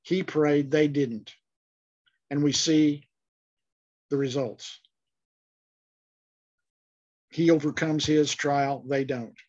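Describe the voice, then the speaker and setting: A man's voice: fairly high pitch, fairly even intonation, slow pace, darkish tone, highs cut off. A man teaching an online Bible class, speaking thoughtfully with frequent fillers and restarts.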